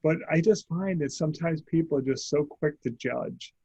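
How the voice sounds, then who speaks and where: A man's voice: on the high side, moderate pace, gravelly, dark tone, slightly rough, dry recording, low-quality recording. A man hosting an interview, chatty and self-deprecating, acting out what friends say. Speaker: host. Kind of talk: casual interview chat.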